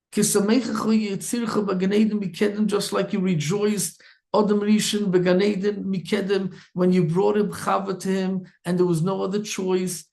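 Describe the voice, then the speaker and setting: A man's voice: high-pitched, creaky. A man, a rabbi, telling a story in a sermon and acting out its characters with many restarts. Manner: animated storyteller, acts out characters, frequent restarts. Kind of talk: Torah talk, storytelling sermon.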